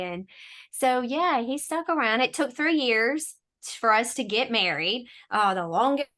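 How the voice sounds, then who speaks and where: Bright-voiced woman telling stories. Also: fairly high pitch, slow, long pauses. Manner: animated, sarcastic, laughing storyteller. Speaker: podcast guest. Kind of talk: casual storytelling chat.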